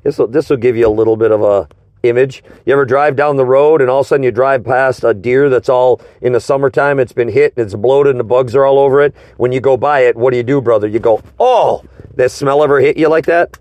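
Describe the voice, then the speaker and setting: A man leading an informal Bible study conversation, teaching slowly and emphatically and asking his partner rhetorical questions. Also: mid-range voice, darkish tone, dry recording.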